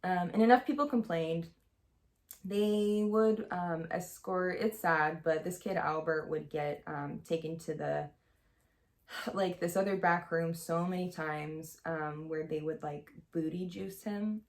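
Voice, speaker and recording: A young woman recounts a personal story in a loose, chatty vlog manner, her lowish voice catching with a gravelly rasp at the ends of phrases. She rambles candidly, stacking fillers as she goes. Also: fairly even intonation, unhurried, a little mellow. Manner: chatty, heavy use of "like" and "um", candid. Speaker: vlogger. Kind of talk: casual storytelling to camera.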